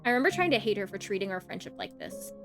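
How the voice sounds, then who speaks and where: A woman reading aloud the part of a young woman, a jealous, brooding best friend, in a quiet, intense way. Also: mid-range voice, big pitch swings, rapid-fire, over music, lightly acted. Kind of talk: reading a visual novel aloud.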